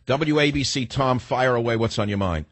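A man's voice: mid-range voice, moderate pace, no echo. A man hosting a talk radio show, firing off sarcastic rhetorical questions in a combative monologue and taking calls.

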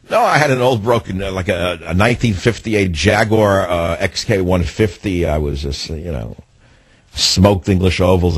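Ranting husky-voiced radio host man. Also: sits low, dry recording. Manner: indignant, ranting opinions. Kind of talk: call-in radio talk and monologue.

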